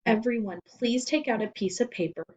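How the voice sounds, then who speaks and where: A woman's voice: on the high side, moderate pace, darkish tone, husky, dull audio, voice pushed up. A woman voicing a flustered, apologetic female schoolteacher in a storybook read-aloud, her lines flustered and then snappish. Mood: chirpy.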